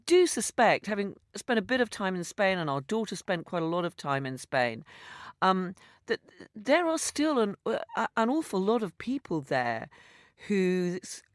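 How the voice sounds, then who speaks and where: A woman's voice: medium pitch, sing-song, normal speed, no room sound, clean studio sound. A British woman speaking as a guest on a radio news panel, thoughtful and hesitant with many fillers. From Britain.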